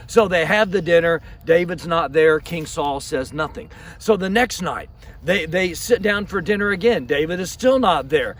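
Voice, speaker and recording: Pastor telling a Bible story outdoors. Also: male voice, fairly high pitch, normal speed, distant mic. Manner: lively storytelling with repeated restarts. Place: outdoors in a flower field.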